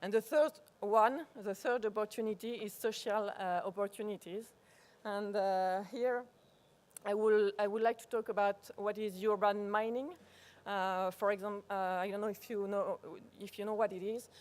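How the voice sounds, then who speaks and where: A woman with a French accent, a native French speaker, giving a live workshop presentation, pausing often to search for words and restarting phrases. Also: mid-range voice, fairly even intonation, darkish tone. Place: conference workshop room.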